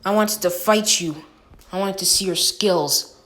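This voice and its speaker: A woman voicing an arrogant teenage boy ninja rival, read slowly and plainly. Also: on the low side, fairly bright tone. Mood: smug.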